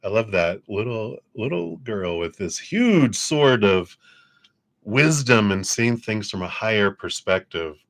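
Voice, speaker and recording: A man giving a livestream tarot reading, chatty and upbeat, laughing often as he offers gentle spiritual encouragement. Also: low voice. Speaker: tarot reader.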